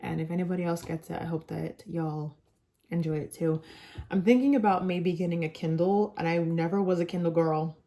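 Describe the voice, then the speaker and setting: A young woman vlogger chatting casually, rambling with lots of filler words and getting animated when excited. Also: lowish voice, fairly quick. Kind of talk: casual chat.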